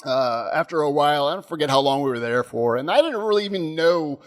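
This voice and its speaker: A man in his thirties, a podcast co-host, telling a rambling, animated story with frequent laughs. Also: a little high, fast talker. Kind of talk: casual storytelling chat.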